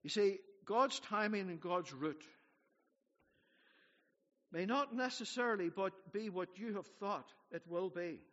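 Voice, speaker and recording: An older man preaches to his congregation, pressing his points hard and then dropping to a near hush. His voice sits high for a man. The sound is dull and rings out with a long reverb through the church hall. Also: measured pace, long pauses. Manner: earnest, exhorting, swings from loud to hushed. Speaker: pastor. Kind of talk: sermon.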